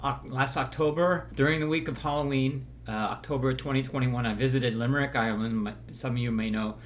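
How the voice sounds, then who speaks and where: A man's voice: medium pitch, steady tone, brisk, a little hiss or hum. A man giving a casual, rambling movie review from a hotel room, stumbling over words and joking along the way. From Southern California. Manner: rambling, stumbling, jokey, slips into impressions.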